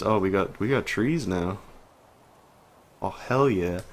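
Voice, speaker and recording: A man's voice: low voice, slow pace, pauses often. A man streaming a story game, reading its dialogue aloud and adding laid-back asides. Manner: laid-back asides, voicing each character in turn. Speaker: gaming streamer.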